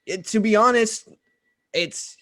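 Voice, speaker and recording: A man's voice: high-pitched, slow pace, a bit bright. A young man co-hosting a podcast in casual chat, often stammering, repeating his words and laughing easily. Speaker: podcast co-host.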